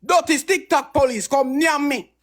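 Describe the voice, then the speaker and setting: A man with a Jamaican accent taunts someone on a live stream, reeling off insults in a chant. His voice sits unusually high. The phone audio picks up clear background noise. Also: normal speed, a bit bright.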